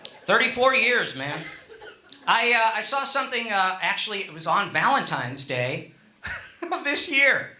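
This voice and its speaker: A man's voice: high-pitched, very animated, measured pace, sharp tone, reverberant. A middle-aged man doing stand-up, telling a rambling story with chuckles and many fillers. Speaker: stand-up comedian.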